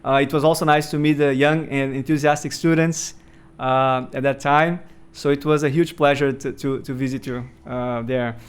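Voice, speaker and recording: Smooth-voiced male interviewer. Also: mid-range voice, steady tone, normal speed. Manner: friendly, with many "uh" fillers. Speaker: podcast interviewer. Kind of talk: interview hosting.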